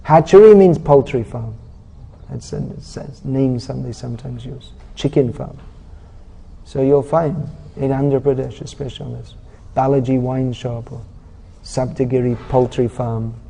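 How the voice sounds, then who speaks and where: A man's voice: medium pitch, steady tone, normal speed, creaky, warm tone. A man giving a sermon in a blunt, scolding and sarcastic manner, as a preacher giving a scripture class in a temple or lecture hall.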